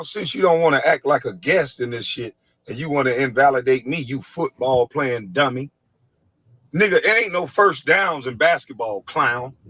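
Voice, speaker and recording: A man's voice: fairly high pitch, bright, forceful tone, slightly rough, low-quality recording. A former basketball player in a heated, scornful rant, taunting the man he is addressing. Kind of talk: angry rant.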